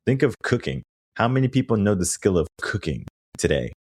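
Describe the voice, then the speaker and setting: Male podcast host, very deep voice, dry close sound, emphatic motivational delivery with rhetorical questions. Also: big pitch swings, brisk, darkish tone, husky, no room sound. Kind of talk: motivational conversation.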